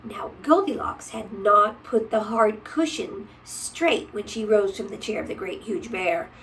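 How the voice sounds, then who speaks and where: A woman reading a picture book aloud to a child, gentle and often dropping to a whisper. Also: mid-range voice, a little slow, distant mic, slight background noise, low-quality recording.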